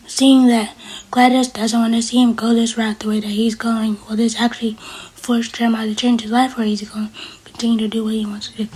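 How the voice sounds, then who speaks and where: A woman's voice: a little high, darkish tone, slightly rough. A woman casually recapping a TV episode as a reviewer, chatty and retelling what the characters said. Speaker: TV show reviewer.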